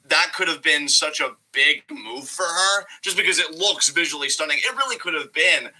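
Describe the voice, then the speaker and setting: A man co-hosting a wrestling review show, rambling in an animated way and swearing often. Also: fairly high pitch, normal speed, rough recording. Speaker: podcast co-host. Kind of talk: casual wrestling review chat.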